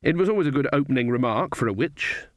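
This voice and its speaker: A man narrating a comic fantasy audiobook in a dry, measured storytelling manner. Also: medium pitch, lively intonation, no room sound. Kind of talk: scripted narration.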